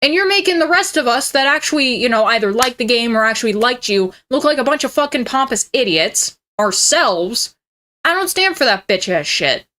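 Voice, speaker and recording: A woman's voice: on the high side, expressive, normal speed, sharp tone. A woman in her twenties, a streamer giving heated, profane reaction commentary with a mocking edge. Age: 20s.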